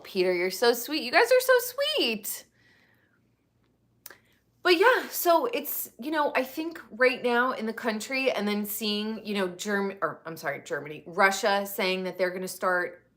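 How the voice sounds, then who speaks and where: An American woman in her thirties hosts a casual live stream, talking to her chat candidly and swearing freely. Her mid-range voice sounds pushed and bright.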